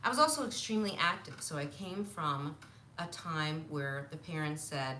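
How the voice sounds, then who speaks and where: A woman in her fifties tells childhood stories on a live stream in a lively, animated way, often laughing and acting out the voices of people she remembers. Her voice sits fairly low yet sounds bright and forceful. The room around her is noticeably echoey. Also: normal speed, a little hiss or hum. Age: 50s. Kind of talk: casual storytelling on a live stream. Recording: roomy echo.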